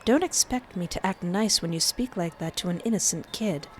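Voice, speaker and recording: A woman's voice: lowish voice, normal speed, slight background noise, lightly acted. A woman voicing a bold young female teacher who speaks in a teasing but firm way.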